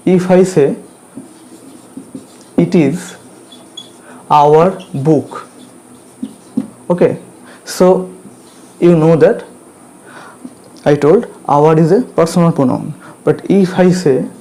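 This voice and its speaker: Slow, mellow-voiced Indian English teacher. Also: male voice, a little high. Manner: slow and repetitive, checks in with "okay" and "clear?". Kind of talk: grammar lecture.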